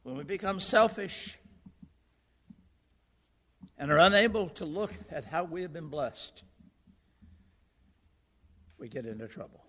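A male pastor giving a sermon, moving from a lively recited poem into earnest preaching in a church auditorium. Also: fairly high pitch, unhurried, pauses often. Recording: long reverb of a large hall.

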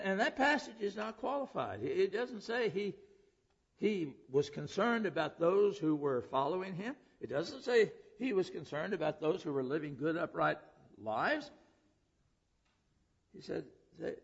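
Gravelly preacher in an echoing hall. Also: male voice, on the high side. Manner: earnest, asks the listeners questions. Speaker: preacher and public school teacher. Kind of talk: sermon. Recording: dull lo-fi sound with long hall reverb.

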